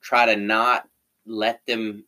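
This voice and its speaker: A man's voice: fairly low pitch, level tone, slow pace, sharp tone. A middle-aged man talking candidly in casual conversation, with lots of fillers and restarts. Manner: candid, frequent fillers and self-corrections.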